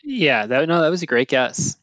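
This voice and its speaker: A man's voice: fairly high pitch, sing-song, moderate pace, fairly bright tone, slight background noise. A man co-hosting a trivia game, casually chatting with dry, teasing quips. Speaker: trivia show co-host.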